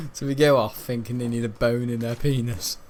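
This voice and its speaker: Brief: man, gameplay commentary, giggly and rambling, mid-pitched voice. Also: normal speed, darkish tone, a little hiss or hum. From north-west England. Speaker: gaming channel host.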